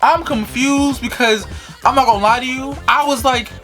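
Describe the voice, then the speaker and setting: A man telling a funny childhood story in a casual, animated vlog style, swearing freely. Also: very high-pitched, normal speed, faint music behind. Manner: animated, swearing, lots of fillers. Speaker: vlogger.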